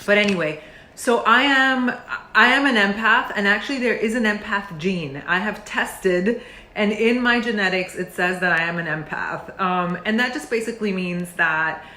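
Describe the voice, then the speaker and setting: A woman's voice: medium pitch, normal speed, pushed and bright. A middle-aged woman talks with heartfelt earnestness, circling back and restarting her thoughts with plenty of fillers. Her voice sits in a middle register. The recording carries a noticeable roomy echo. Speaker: meditation teacher. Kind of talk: heartfelt talk to camera.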